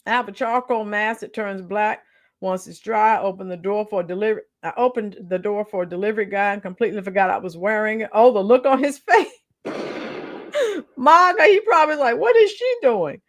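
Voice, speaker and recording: A woman's voice: medium pitch, moderate pace. Chatty woman hosting a live stream. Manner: chatty, laughs a lot, reacts to comments. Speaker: channel host reading live chat. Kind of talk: casual live-stream chat.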